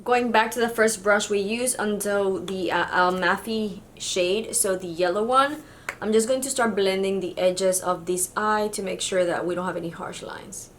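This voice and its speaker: A woman's voice: mid-range voice, normal speed, slight background noise. A woman from Mexico, a beauty vlogger, chatting casually through a makeup tutorial with easy fillers.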